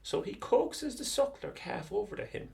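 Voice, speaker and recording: A man's voice: extremely high pitch, very animated, normal speed, gravelly, a little mellow. A man with an Irish accent telling a comic yarn in a chatty, digressive way. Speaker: storyteller.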